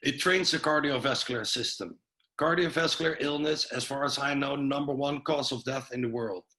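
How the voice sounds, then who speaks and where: A man presents on a video call in a loose, chatty way, full of fillers and restarts. His voice is bright and forward, and it sits at a middling pitch. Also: normal speed, low-quality recording. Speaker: webinar presenter. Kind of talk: informal online health presentation.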